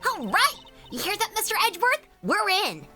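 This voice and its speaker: A woman voicing an eager, bubbly young female character in a fan game reading, with excitable, bouncy delivery. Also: a little high, unhurried, over music. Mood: excited.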